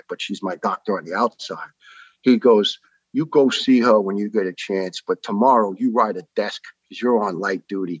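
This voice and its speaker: An older man tells his story in a podcast interview and slips into the voices of the people he quotes. His voice is husky and sits a little low. The sound is dry and a bit dull. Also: no room sound. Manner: animated storyteller who acts out the people he quotes. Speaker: retired firefighter telling his story.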